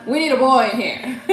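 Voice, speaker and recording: A middle-aged woman hosting a casual live tarot reading, chatting loudly with viewers, laughing often and swearing freely. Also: sits high. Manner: loud, laughing, profane and chatty, greets viewers. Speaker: tarot reader livestream host. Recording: echoey room with faint music.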